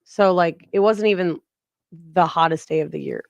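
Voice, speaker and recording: A woman's voice: fairly low pitch, moderate pace, creaky, no room sound, muffled recording. A woman co-hosting a podcast, telling a story in casual chat and acting out the people in it. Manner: animated storyteller, acts out quoted exchanges. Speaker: podcast co-host.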